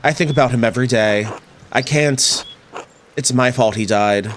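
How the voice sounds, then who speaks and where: Man voicing a gruff old father, grumbling, sorrowful, faint background hiss. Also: medium pitch, normal speed, close to an everyday voice. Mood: grieving.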